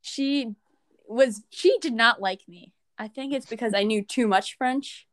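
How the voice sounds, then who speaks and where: A teenage girl in casual chat, telling animated stories with laughter. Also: on the high side, a little slow, no room sound. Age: teens. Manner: chatty, animated, laughing storyteller.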